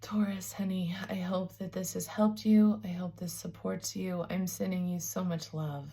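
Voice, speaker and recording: A woman giving a spiritual tarot reading, talking softly and warmly to the listener, calling them babes and sounding emotional and teary. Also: fairly low pitch, fairly even intonation, moderate pace, vocal fry. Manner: soft, nurturing, calls listener babes. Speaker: tarot reader.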